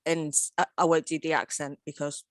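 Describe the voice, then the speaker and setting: A woman's voice: low-pitched, little pitch movement, normal speed, no echo. A woman chatting on a casual podcast, giggly and self-deprecating. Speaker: podcast guest.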